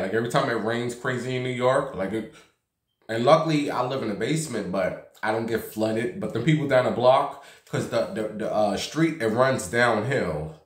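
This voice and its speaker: Chatty man telling gossip in an echoey room. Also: medium pitch. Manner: chatty and gossipy, acting out quoted voices. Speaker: vlogger. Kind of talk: casual storytelling vlog. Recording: roomy echo.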